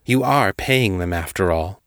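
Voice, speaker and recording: A man's voice: deep voice, animated, unhurried, a bit bright, dry recording, studio quality. A man putting on a scornful vampire priestess. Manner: mocking, bitter.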